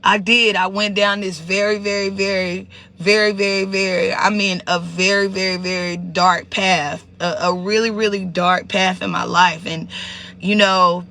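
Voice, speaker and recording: Male live-streamer, high and bright with a gravelly edge, emotional and repetitive, chatting directly to viewers. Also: little pitch movement, a little slow. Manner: emotional, repeats words, greets viewers by name.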